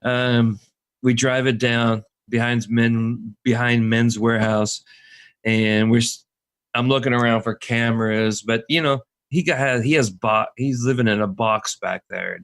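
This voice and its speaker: Rambling podcast host telling a story. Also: male voice, fairly even intonation, measured pace, fairly bright tone. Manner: rambling anecdotes, acts out quoted voices higher. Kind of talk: casual storytelling chat.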